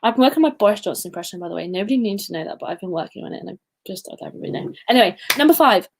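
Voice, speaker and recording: A woman's voice: medium pitch, lively intonation, rapid-fire. A young woman hosting a casual livestream quiz, chatty and giggly with self-deprecating asides. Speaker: quiz host.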